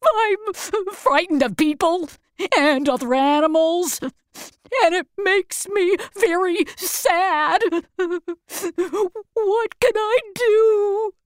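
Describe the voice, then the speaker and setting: A big, sad cowardly lion, as a woman reading the story puts him on, speaking slowly and tearfully. The voice sits high and swoops up and down. It sounds close and dry. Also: lively intonation, a bit bright, no room sound, heavily acted. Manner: tearful, pleading.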